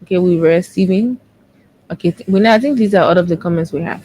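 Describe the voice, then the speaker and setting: A woman, co-hosting a morning show and briskly reading out viewer comments, correcting herself as she goes. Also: fairly low pitch, dark tone, poor audio. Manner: brisk, with quick self-corrections.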